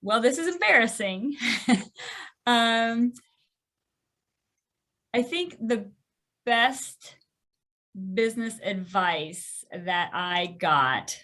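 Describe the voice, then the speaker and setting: A middle-aged woman speaks as a podcast guest, her voice bright and forward. She tells her story candidly and animatedly, poking fun at herself. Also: fairly high pitch, drawn-out words, long pauses. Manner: animated, self-deprecating, laughs often.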